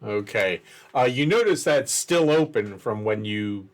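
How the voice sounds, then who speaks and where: Slow, halting male game master. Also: fairly low pitch, expressive. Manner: halting, restarts sentences. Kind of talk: narrating a tabletop game.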